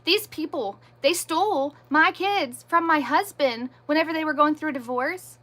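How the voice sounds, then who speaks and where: A woman's voice: high-pitched, normal speed. A woman in her thirties hosting a livestream, indignantly retelling a confrontation and quoting everyone in it. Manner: animated, indignant retelling with quoted dialogue. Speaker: livestream host. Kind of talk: casual livestream storytelling.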